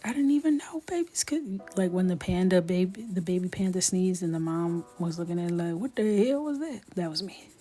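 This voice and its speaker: A woman's voice: lowish voice, brisk, few pauses, warm tone. Chatty woman, half-whispering while coloring. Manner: chatty storytelling, often drops to a whisper, laughs a lot. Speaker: coloring livestream host. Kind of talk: casual chat while coloring.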